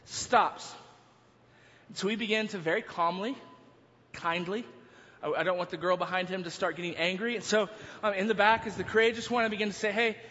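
High, bright-voiced preacher in a reverberant hall. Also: male voice. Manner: animated storytelling, bursts into yelling. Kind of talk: sermon storytelling. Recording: dull sound, long hall reverb.

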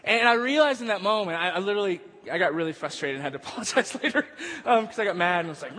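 A man's voice: high voice, lively intonation, fast talker, few pauses, sharp tone. A male pastor preaching a sermon, moving from casual storytelling into emphatic preaching. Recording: long hall reverb.

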